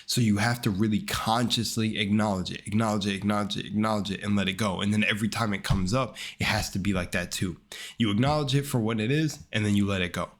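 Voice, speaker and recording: A young man telling a personal story to his viewers in a rambling, excitable way, with casual swearing and repeated words. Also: lowish voice, fast talker. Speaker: channel host.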